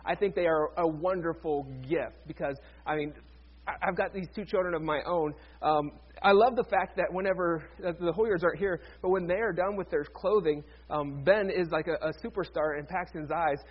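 A man's voice: a little high, moderate pace, breathy edge, highs cut off. A man, a pastor, preaching a sermon in a conversational way with joking asides to the congregation.

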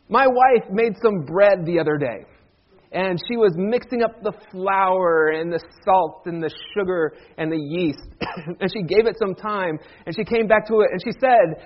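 In a church sanctuary, a pastor with a high, light voice gives a relaxed Easter-season sermon, speaking a little slowly and conversationally while teasing and joking with the congregation and drawing them into call-and-response. The recording sounds dull and lo-fi.

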